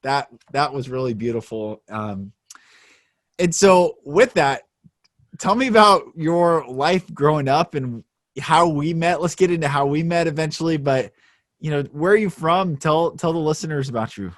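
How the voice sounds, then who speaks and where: A man's voice: on the high side, normal speed, fairly bright tone, no echo, studio quality. Upbeat, laughing male podcast host. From Washington State, USA. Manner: upbeat, laughs often, acts out quotes. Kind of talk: casual podcast conversation.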